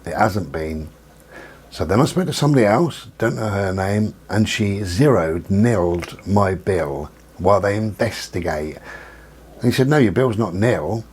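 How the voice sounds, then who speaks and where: Husky exasperated man telling a story. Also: lowish voice, expressive, measured pace, a little mellow. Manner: exasperated, retells phone calls in quoted dialogue. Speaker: vlogger. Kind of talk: casual storytelling rant.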